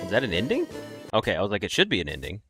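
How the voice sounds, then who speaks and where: Man, mid pitch, very animated pitch, rambling let's-play chat, swears, laughs, faint music behind. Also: very fast. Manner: rambling, profane, laughing asides. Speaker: gaming video creator. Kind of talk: casual let's-play commentary.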